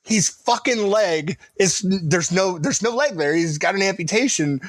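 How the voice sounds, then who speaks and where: A man in his thirties, a Marine veteran co-hosting a podcast, telling profane, animated war and hospital stories with laughter. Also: sits high, measured pace, no echo. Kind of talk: casual storytelling chat.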